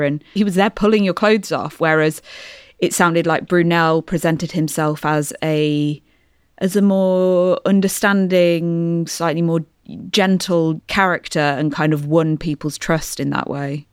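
A woman interviewer asking measured, thoughtful questions. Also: lowish voice, clear, resonant tone, no room sound, clean studio sound.

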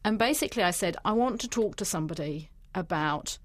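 A woman's voice: fairly low pitch, lively intonation, fairly quick, dry recording, clean studio sound. A woman journalist, talking animatedly in a radio interview. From New Zealand.

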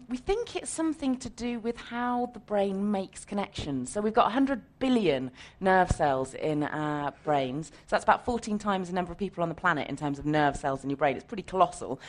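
A woman scientist on a live radio science show, explaining to an audience in a clear, measured way. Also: fairly low pitch, expressive, a little mellow. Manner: explanatory, with light laughs. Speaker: scientist guest.

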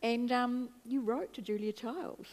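A woman's voice: on the high side, unhurried, a little mellow, in a large hall. A woman interviewer asking friendly, encouraging questions.

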